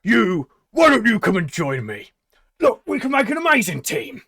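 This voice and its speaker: A man voicing a hearty, cheerful male cat-folk tavern keeper who loudly recruits adventurers, with a dry close sound. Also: high-pitched, wildly swooping pitch, moderate pace, gravelly, no room sound, pitched above the performer's own voice, full character voice. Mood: booming. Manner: loud, hearty, salesman-like.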